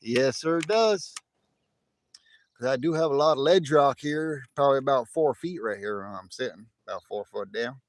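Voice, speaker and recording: A man putting on a West Texas drawl as a boastful, folksy coin stacker, loudly pointing things out around his land on a livestream. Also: mid-range voice, lively intonation, normal speed, natural voice. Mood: folksy boasting. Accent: put-on West Texas drawl. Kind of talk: livestream impression.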